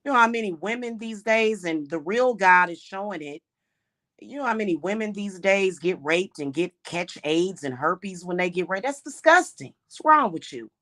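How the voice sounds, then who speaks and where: A woman's voice: lowish voice, lively intonation, normal speed, fairly bright tone. A woman who practices witchcraft and hosts her own channel, talking in an emphatic, indignant unscripted monologue full of restarts and repeated words.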